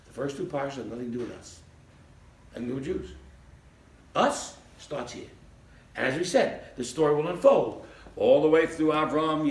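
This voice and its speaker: A man teaching a Torah class as a rabbi, animated, acting out little scenes in funny voices and laughing along. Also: a little high. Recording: echoey room, mic at a distance, faint background hiss.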